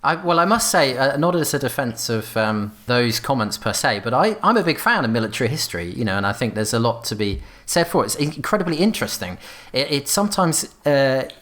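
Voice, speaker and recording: A man co-hosting a podcast, talking casually and thinking aloud with many pauses and fillers. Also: mid-range voice, big pitch swings, a bit bright. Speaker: podcast co-host.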